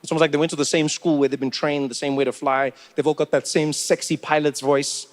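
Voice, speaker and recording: A man from South Africa performing stand-up on a theatre stage, telling animated, conversational stories into a handheld mic. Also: a little high, fast talker. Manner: animated, conversational storytelling, rising into shouts. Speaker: stand-up comedian. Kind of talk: stand-up comedy. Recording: reverberant hall with faint noise.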